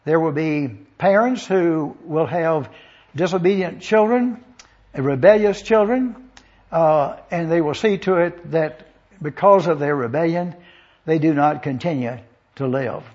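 Man, Bible teacher, high husky voice, methodical, repetitive review, dull lo-fi recording. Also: unhurried, a little mellow. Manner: methodical, repeats points for review; dry sarcasm. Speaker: preacher.

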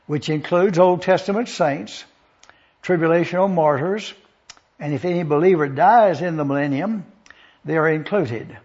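A man's voice: high voice, darkish tone, husky, dull audio. A man preaching an expository Bible lesson, methodically listing and repeating points for review with a dry touch of sarcasm.

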